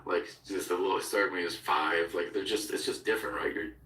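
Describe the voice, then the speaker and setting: A man's voice: low-pitched, fairly even intonation, fairly quick, sharp tone, echoey room, distant mic, a little hiss or hum, poor audio. A man in casual podcast chat, laughing often as he tells stories and acts out voices. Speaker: guest.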